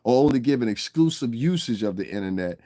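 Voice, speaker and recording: A man's voice: mid-range voice, expressive, fast, dark tone, no echo. A man holding forth on a livestream in a mid-range voice, rambling from rant to anecdote. He swears freely, laughs at his own stories and keeps checking that you follow him. The sound is dry and close. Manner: profane, rambling, keeps asking "you understand what I'm saying", laughs often. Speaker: livestream commentator. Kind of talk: rambling casual livestream commentary.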